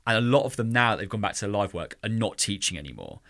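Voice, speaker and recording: On a casual podcast, a male co-host with a lowish voice and vocal fry talks fast and passionately about teaching music, scatting drum patterns with his mouth. His delivery is animated, and a faint hiss or hum sits under the audio.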